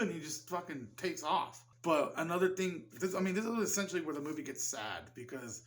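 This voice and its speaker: Man, casual movie review, loose rambling talk, lots of swearing, slightly high voice. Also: a bit bright. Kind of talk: casual film review commentary.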